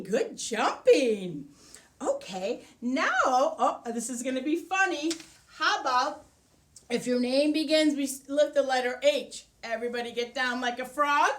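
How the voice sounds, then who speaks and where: A woman's voice: high voice, animated, a little slow, fairly bright tone, a little hiss or hum. A woman teaching a preschool class by video, cheerfully leading exercises and counting aloud with the children. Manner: cheerful sing-song, counting aloud with kids. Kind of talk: animated online lesson for small children.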